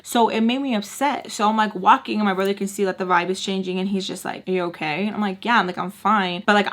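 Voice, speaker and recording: A young woman sits down to tell her viewers a storytime, talking casually and heatedly. She swears freely, pads every thought with "like" and "you know," and her voice leaps upward whenever she quotes someone in disbelief. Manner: animated, indignant, quotes people with sudden pitch jumps; blunt and profane, lots of fillers like "like" and "you know". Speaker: vlogger telling a story.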